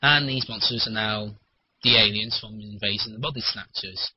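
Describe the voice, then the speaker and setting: A man talking in a rambling, animated casual chat, swearing freely, on a muffled lo-fi recording. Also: lowish voice, moderate pace, slightly rough, no room sound.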